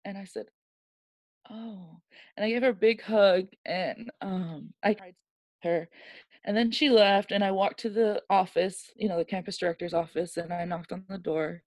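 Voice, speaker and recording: A woman speaking as a podcast guest, recounting a personal story with candid feeling. She slips into the voices of the people in her tale, rising and falling as she quotes them. Her voice sits at an ordinary pitch and sounds dry and close. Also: normal speed, no room sound. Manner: animated storyteller who acts out quoted dialogue; warm, emotional and candid.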